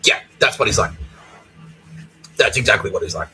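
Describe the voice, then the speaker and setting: A man's voice: on the low side, normal speed, pauses often, bright, forceful tone, a little hiss or hum, rough recording. A man telling a rambling, profane comedic story on his own podcast, mimicking the people in it. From Australia. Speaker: podcast host.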